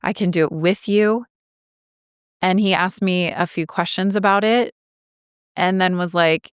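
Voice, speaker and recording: A woman in her forties shares a personal story in an earnest, reflective way, drawing out the phrases that matter most. Her voice sits a little low and sounds smooth and clear. It is recorded dry and close, with no room sound. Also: steady tone, a little slow, pauses often, no room sound. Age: 40s. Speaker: podcast host.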